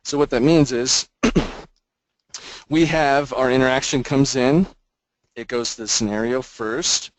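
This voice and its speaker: A man's voice: mid-range voice, slow pace, no room sound, low-quality recording. Brief: male webinar presenter, casual explainer, dry close-miked sound. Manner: casual explanatory, frequent fillers. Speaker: product demo presenter. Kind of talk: webinar software demo.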